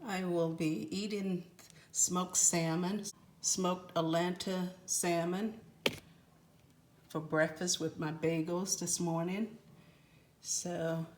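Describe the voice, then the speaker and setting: A woman hosting a home cooking video, talking in a homey, unhurried way as she shows her baking. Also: fairly low pitch, a little hiss or hum. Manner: homey, unhurried, repeats itself. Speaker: cooking channel host. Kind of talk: casual cooking demonstration.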